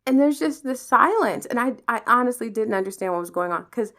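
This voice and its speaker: Her voice a little high and her pace brisk, this podcast host from Pennsylvania, USA, tells personal stories in a loose monologue. She's lively and profane, voicing the people in her tales.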